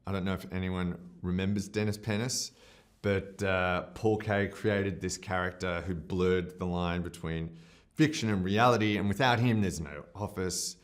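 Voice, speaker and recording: A man's voice: sits low, steady tone, normal speed. An Australian man, a film director, talking in a festival interview, effusive and rambling with many fillers and restarts, openly emotional and self-deprecating.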